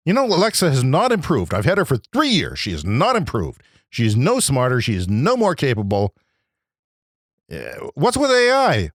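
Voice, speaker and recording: A man hosting a podcast, delivering an agitated, profane comedic rant that swings between loud outbursts and low muttering. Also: huge pitch swings, moderate pace, no echo, studio quality. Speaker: podcast host. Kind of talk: ranting comedic monologue.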